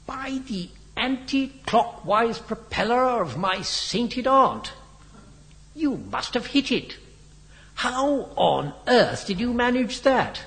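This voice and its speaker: A man voicing an excitable young fighter pilot exclaiming in amazement. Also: very high voice, slow, in a large hall, pitched above the performer's own voice, heavily acted. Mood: amazed.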